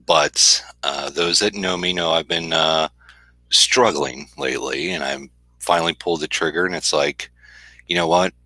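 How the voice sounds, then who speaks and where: Super deep gravelly guy on a video call, sharp bright tone, talks soft and hesitant. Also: lively intonation, normal speed, no echo, poor audio. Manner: soft-spoken, hesitant, lots of fillers. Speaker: guest. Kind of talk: casual chat.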